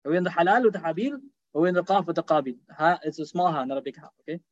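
A man preaching a sermon, telling stories fast with acted quotes and rhetorical questions. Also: a little high, lo-fi sound. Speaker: Islamic preacher.

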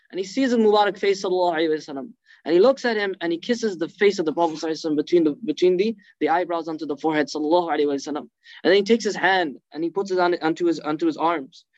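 Fast-talking fervent male preacher. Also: sits high, darkish tone, dry recording, highs cut off. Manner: rapid, fervent retelling with acted quotes and Arabic phrases. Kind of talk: emotional religious storytelling lecture.

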